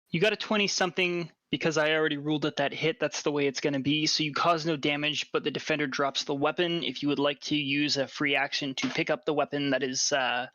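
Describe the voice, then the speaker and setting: A man running a tabletop game as dungeon master, casually reading rules aloud with halting restarts. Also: fairly high pitch, gravelly, bright, forceful tone, no room sound, lo-fi sound.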